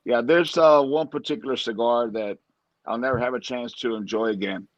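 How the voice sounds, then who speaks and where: A man co-hosting a relaxed chat, speaking reflectively and circling back over his own words. The sound is dry and somewhat muffled. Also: mid-range voice, moderate pace, dry recording. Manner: reflective, repeats his phrases. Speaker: co-host. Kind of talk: casual chat, reminiscing.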